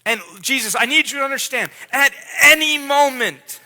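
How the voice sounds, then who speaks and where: A man's voice: sits high, a little slow, pushed and bright, exaggerated voice. A man preaching from the pulpit who speaks as God the Father, addressing his son with intense, pleading repetition. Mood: urgent. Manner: intense, pleading, repeats words. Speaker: pastor. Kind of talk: dramatic sermon role-play. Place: church sanctuary. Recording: long church hall reverb.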